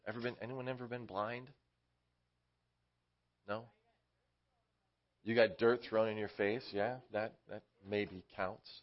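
Man, children's Bible teacher, chatty and question-asking, mid-pitched voice, dull lo-fi recording. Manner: conversational, asks the audience questions. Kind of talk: casual Bible lesson for kids.

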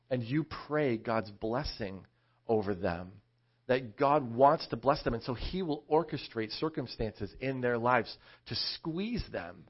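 Conversational male preacher, slightly dull sound. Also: mid-range voice. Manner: conversational, animated storytelling preacher. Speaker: pastor. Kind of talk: sermon.

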